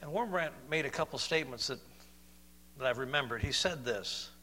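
A man preaching a sermon, moving between loud, emphatic declarations and soft, slow, questioning passages. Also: mid-range voice, animated, in a large hall.

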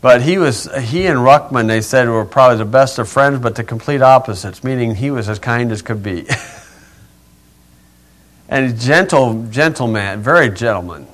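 Brief: male pastor, relaxed folksy Bible teaching, chuckles, rambling asides. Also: medium pitch, moderate pace.

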